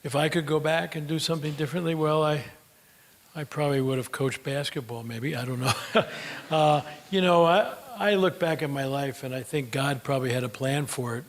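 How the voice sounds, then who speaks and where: A man's voice: a little high, fairly quick. An older man from the United States giving a folksy, chatty talk, then answering audience questions with plenty of "you know.". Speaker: speaker.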